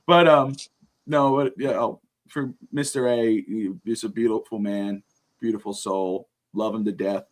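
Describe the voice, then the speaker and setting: A man's voice: lowish voice, fairly even intonation, unhurried. A man co-hosting a podcast, talking in a rambling, emotional way with swearing and frequent laughter. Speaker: podcast co-host. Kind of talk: casual chat.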